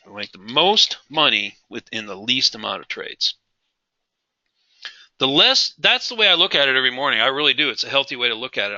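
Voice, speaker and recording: A man's voice: mid-range voice, sharp tone, no room sound, dull audio. A man teaching a live trading class, emphatic, repeating key phrases and asking his audience questions. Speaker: trading instructor.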